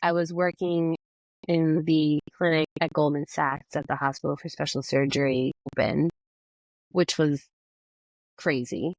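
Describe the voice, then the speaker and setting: A woman's voice: low voice, steady tone, unhurried, darkish tone, no echo, rough recording. A woman, a physical therapist and yoga teacher, telling a personal story as a podcast guest, acting out her own past words. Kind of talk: conversational storytelling.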